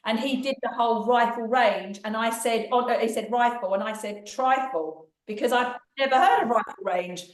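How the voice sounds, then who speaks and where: A woman's voice: fairly high pitch, moderate pace, hardly any pauses, echoey room, far from the mic. A woman guest speaking at an event, telling chatty anecdotes about her comedy sketches. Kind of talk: anecdotal storytelling.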